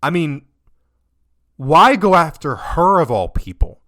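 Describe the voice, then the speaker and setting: Young man ranting, lively swinging pitch. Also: slow pace. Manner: swears constantly, rants and trails off. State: upset, near tears. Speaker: let's-play gamer. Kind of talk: emotional game commentary.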